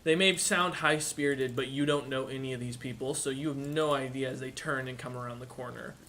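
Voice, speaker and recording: Male game master, bright voice, stop-start casual narration over a low hiss. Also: steady tone. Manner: halting, many fillers. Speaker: dungeon master.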